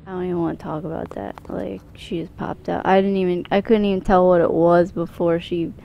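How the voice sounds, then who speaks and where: A woman's voice: on the low side, little pitch movement, brisk, vocal fry, dull audio, slight background noise. A woman casually commenting on a live game stream, reading in-game notes aloud and swearing now and then while she chats with viewers. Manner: casual and profane, talks to chat.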